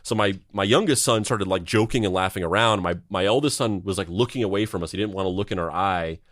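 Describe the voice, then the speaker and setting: A man in his thirties chats on a podcast, rambling from one thought to the next with a blunt, sardonic streak. His voice sits a bit low. The recording is close and dry, with no room sound. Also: quick pace, fairly bright tone, no room sound. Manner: rambling, conversational storytelling. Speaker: podcast co-host. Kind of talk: casual chat.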